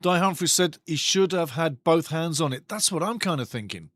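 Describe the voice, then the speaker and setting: Excitable man hosting a football watch-along. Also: fairly high pitch, normal speed, dry recording, studio quality. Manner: excitable, chatty, reads out viewer comments.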